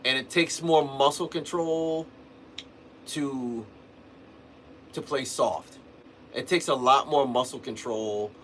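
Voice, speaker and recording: A man's voice: medium pitch, slow, long pauses, a little hiss or hum. A man hosting a livestream, talking casually about drumming in a rambling way, restarting sentences and adding "man" and "you know". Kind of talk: casual livestream teaching talk.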